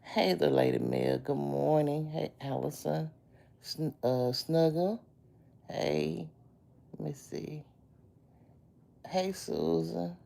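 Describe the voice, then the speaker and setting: A woman's voice: sits low, takes it slowly, gravelly, pauses often, warm tone. A sick woman with a chest cold, lying in bed and chatting on a phone live stream, greeting viewers by name and calling them baby. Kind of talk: casual live-stream chat.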